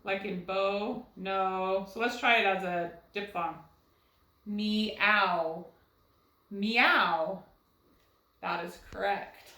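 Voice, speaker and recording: A woman's voice: medium pitch, fairly even intonation, measured pace, hardly any pauses, a bit bright, echoey room, poor audio. A woman teaching a recorded first grade phonics lesson, patiently sounding words out syllable by syllable and asking guiding questions. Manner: asks rhetorical questions to guide young students.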